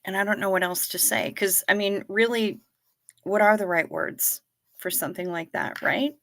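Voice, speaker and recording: A woman hosting a casual livestream, reading viewer comments in a gentle, sympathetic way. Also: mid-range voice, fairly even intonation. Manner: slow, gentle and sympathetic, talking to chat. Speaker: livestream host.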